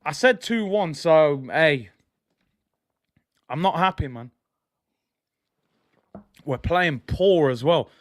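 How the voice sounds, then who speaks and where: A young man hosting a live football watch-along, reacting emotionally and often breaking into frustrated shouting. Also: a little high, lively intonation, slow, long pauses, dry recording, clean studio sound. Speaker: fan stream host.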